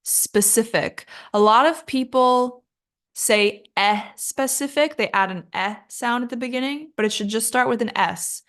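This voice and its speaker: A woman's voice: a little high, fairly bright tone. A woman, possibly, teaching English pronunciation in a casual spoken lesson. She is chatty and self-mocking, drags out the words she models, and sounds worn out from recording several episodes in a row. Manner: chatty, self-mocking, laughs at her own slips; slow, drawn-out model pronunciations.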